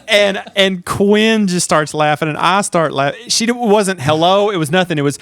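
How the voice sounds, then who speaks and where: A man telling a story on a podcast, animated and laughing as he acts out quotes. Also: high-pitched, moderate pace, hardly any pauses, no room sound. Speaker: podcast co-host. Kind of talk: casual storytelling chat.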